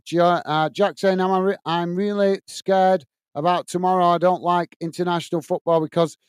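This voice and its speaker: A man's voice: high voice, steady tone, moderate pace, clear, resonant tone, dry recording. A man hosting a football watch-along stream, reading out viewer messages and thanking each one as "mate". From England. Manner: chatty, says "mate" and "guys" a lot. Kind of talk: live stream chat.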